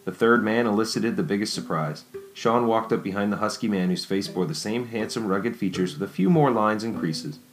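A man narrating a story in a steady, measured audiobook reading. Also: on the low side, soft background music.

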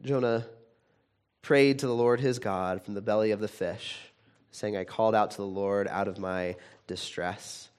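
A man's voice: fairly low pitch, moderate pace, clear, resonant tone. Conversational man preaching a sermon. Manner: conversational, animated in retellings, many restarts. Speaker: pastor.

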